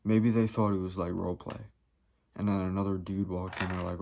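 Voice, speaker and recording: A man's voice: deep voice, flat delivery, fairly quick, background noise. A man vlogging in a rambling comedic monologue, profane and jumping from topic to topic.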